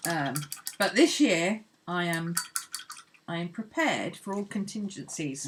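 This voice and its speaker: A woman hosting an art channel chats and rambles cheerfully while sketching, laughing easily. Her mid-range voice is very animated but a little slow, with slight background noise.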